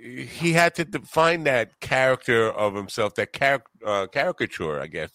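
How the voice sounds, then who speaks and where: A man's voice: medium pitch, lively intonation, moderate pace, bright, forceful tone. A man with a Long Island New York accent, hosting a casual chat and talking in a rambling, thoughtful way. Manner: rambling, thoughtful, with restarts and a dropping tone.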